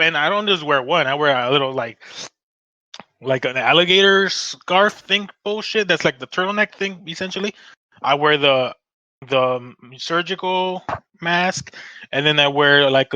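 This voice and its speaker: A man's voice: a little high, moderate pace, no room sound. A man in his late twenties from the United States, hosting a casual podcast and ranting with a lot of swearing. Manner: ranting, profane, animated. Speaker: podcast host. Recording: dull, lo-fi sound.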